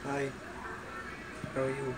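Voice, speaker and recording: A man's voice: medium pitch, monotone, slow pace, over loud music. A man chatting casually in a pet store and cooing at the animals in baby talk. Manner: coos and baby-talks to animals. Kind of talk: casual vlog chat. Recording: loud store background noise.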